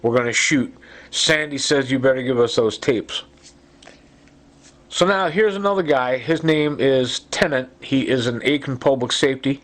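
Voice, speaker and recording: A man's voice: mid-range voice, moderate pace, a bit bright. A man in an urgent, rambling monologue, accusing people and stacking fillers and asides as he talks. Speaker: self-recorded complainant. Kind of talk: agitated monologue.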